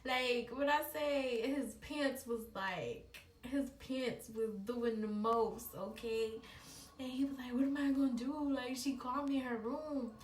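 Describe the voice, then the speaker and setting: A woman's voice: a little high, takes it slowly. A woman vlogger telling a personal story in a chatty, slangy way, talking straight to her viewers. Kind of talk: casual storytime. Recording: echoey room, distant mic, faint hiss.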